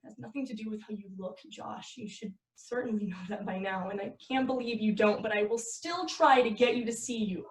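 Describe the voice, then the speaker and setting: A woman's voice: a little high, brisk, few pauses, slight background noise, close to an everyday voice. A woman reading the part of a tired, frustrated girlfriend driving at night, firm and scolding, in a table read of a film script. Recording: echoey room, far from the mic.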